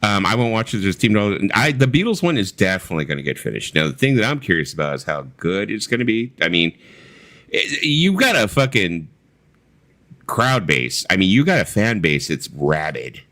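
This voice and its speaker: A man co-hosting a casual livestream chat, telling stories in a blunt, profane, animated way. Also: fairly low pitch, moderate pace. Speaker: co-host of a livestream.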